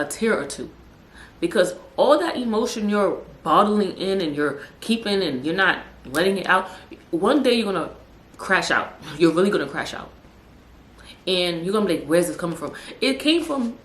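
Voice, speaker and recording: A woman's voice: lowish voice, expressive, normal speed, a bit bright. A young woman hosting a podcast, talking in a casual, emphatic monologue, repeating words for stress and dropping in street slang. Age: young adult. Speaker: podcast host. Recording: echoey room with faint background hum.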